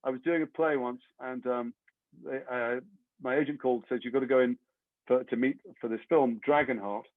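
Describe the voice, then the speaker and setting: An English actor being interviewed, telling long rambling anecdotes with self-deprecating humor. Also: male voice, medium pitch, fairly even intonation, fairly quick, no room sound. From England. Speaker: actor guest. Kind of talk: interview storytelling. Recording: tinny phone-like line, dry.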